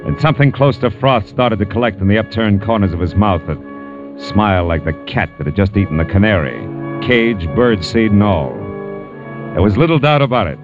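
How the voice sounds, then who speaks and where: An actor plays a tough private detective with a low, clipped, sardonic delivery. Faint music sits behind him. It is a muffled old radio broadcast. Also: male voice, a little fast, close to an everyday voice. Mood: narrating. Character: hard-boiled male private detective, wry and tough. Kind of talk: 1940s radio acting.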